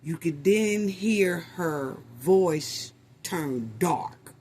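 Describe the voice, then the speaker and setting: Casting note: woman host, husky and slow, reacting loudly to clips. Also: on the low side. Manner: animated, exclaiming, addresses audience as family. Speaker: commentary host. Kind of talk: casual commentary.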